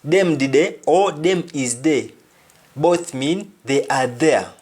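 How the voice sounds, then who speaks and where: Slow, deliberate male language teacher. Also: fairly high pitch, darkish tone, husky. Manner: slow and deliberate, repeating each example. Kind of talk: spoken language lesson.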